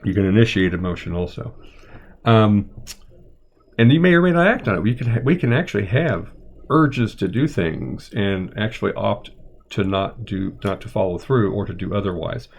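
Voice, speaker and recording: A man's voice: lowish voice, lively intonation, normal speed, vocal fry, lo-fi sound, a little hiss or hum. A middle-aged man, a therapist, giving an unscripted live-streamed lecture, rambling and thinking aloud with frequent ums and uhs.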